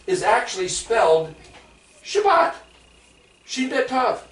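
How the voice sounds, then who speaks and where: A man in his fifties teaching scripture to a group, animated, lifting his voice high on questions. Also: normal speed. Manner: rises to high excited pitch on questions. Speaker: Bible teacher. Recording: roomy sound from far off.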